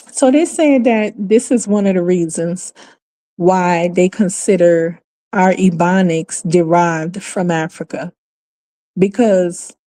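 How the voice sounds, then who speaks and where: A woman with a New Orleans accent holds forth on a casual livestream. She is emphatic and exasperated, and she swears freely. Her voice has a dark, mellow tone. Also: fairly low pitch. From New Orleans, USA. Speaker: livestream host. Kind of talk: casual opinionated livestream talk.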